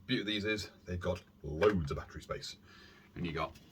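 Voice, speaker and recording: A man hosting a casual airsoft gear vlog from his warm room at home, rambling along with self-deprecating asides and filler words. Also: low voice, a little fast, background noise. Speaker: airsoft YouTube channel host. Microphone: camera on a stand.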